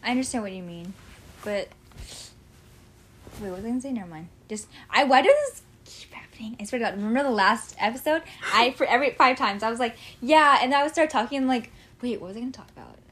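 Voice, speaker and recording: High-voiced giggly young woman rambling. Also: expressive, quick pace, a bit bright, breathy edge. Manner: giggly, rambling, trails off often. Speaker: co-host. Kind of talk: casual chat.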